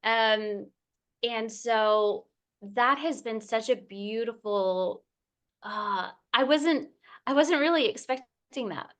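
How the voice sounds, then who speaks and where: A middle-aged woman author in a casual interview, talking emotionally and effusively, with many pauses and fillers. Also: on the high side. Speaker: picture book author, guest.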